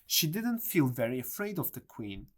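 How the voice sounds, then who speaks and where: A reader narrating a storybook in a clear, measured delivery. Their pitch moves up and down widely as they go. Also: sing-song. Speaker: audiobook reader.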